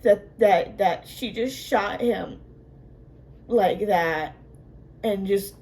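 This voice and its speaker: A woman's voice: mid-range voice, drawn-out words, a little mellow. A woman hosting a reaction video, talking casually and emotionally, repeating herself and trailing off mid-sentence. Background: show soundtrack music playing.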